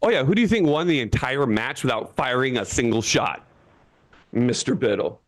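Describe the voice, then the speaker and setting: A man in his thirties from Florida doing a stand-up comedy set from his seat on an online show, jumping into high voices when he quotes people. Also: lively intonation, normal speed. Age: 30s.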